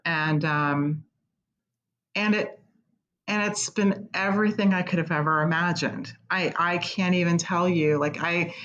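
A woman's voice: on the low side, steady tone, measured pace, fairly bright tone, dull audio. A middle-aged woman with a Midwestern American accent, talking candidly and earnestly as an interview guest about her work. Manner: candid, earnest, tearful at times. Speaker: executive director of a concert pavilion, guest. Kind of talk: emotional interview conversation.

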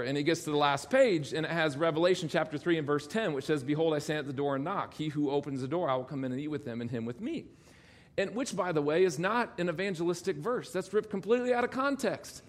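A middle-aged man preaching from the pulpit, his voice sitting a little higher than most men's. He tells stories in a lively way, acts out the lines of the people in them and laughs as he goes. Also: fast talker. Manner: storytelling with laughter and quoted dialogue. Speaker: pastor. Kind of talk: sermon.

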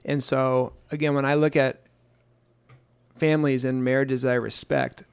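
A man in his thirties talks earnestly about scripture and family life with his wife, poking fun at himself and acting out snippets of their conversations. His voice sits at an ordinary mid pitch. The recording is dry and close, with no room sound. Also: little pitch movement, normal speed, vocal fry, clean tone, dry recording. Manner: earnest, self-deprecating storyteller with playful quoted voices. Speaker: pastor and co-host. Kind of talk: casual chat on scripture.

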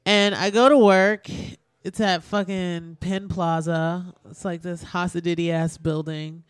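A woman's voice: on the low side, steady tone, a little slow, smooth, no echo. A woman hosting a radio show in a studio, chatting casually and candidly, swearing freely and leaning heavily on "like". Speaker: radio host.

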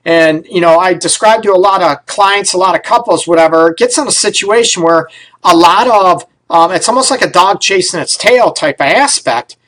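Middle-aged male counselor-host, slightly high voice, loose and blunt, keeps asking "right?". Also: normal speed, a bit bright. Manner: conversational, frequent "right?" and "you know", blunt. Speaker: relationship counselor and radio show host. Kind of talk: casual advice talk.

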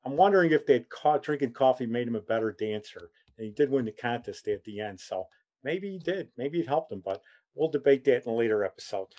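A man, telling a family story in a loose, rambling way. He chuckles as he goes and keeps slipping into animated quotes of the people in it. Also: mid-range voice, fairly quick, lo-fi sound. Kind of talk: casual anecdotal storytelling.

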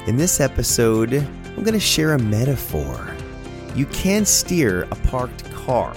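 A middle-aged man hosting a podcast, telling a story in a casual, animated, self-amused way. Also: medium pitch, slow, over music. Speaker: podcast host.

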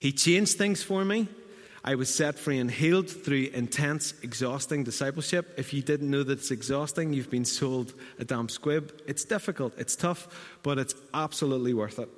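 A man's voice: mid-range voice, moderate pace, in a large hall. A man preaching a sermon in a conversational, storytelling way with self-deprecating asides.

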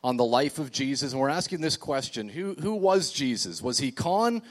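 A man's voice: medium pitch, animated, moderate pace. Chatty man preaching a sermon. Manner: conversational, chatty preaching with fillers and restarts. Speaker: pastor. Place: church. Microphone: seated while preaching.

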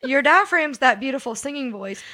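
A woman's voice: high-pitched, expressive, moderate pace, sharp tone. An Appalachian woman co-hosting a podcast, telling stories playfully in casual chat. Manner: storytelling, playful. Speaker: podcast co-host.

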